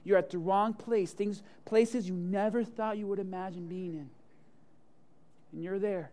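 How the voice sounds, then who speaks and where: A young male pastor, preaching a sermon full of jokey personal stories and swinging from loud to hushed. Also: sits high, steady tone, a little slow. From Hialeah, Florida area.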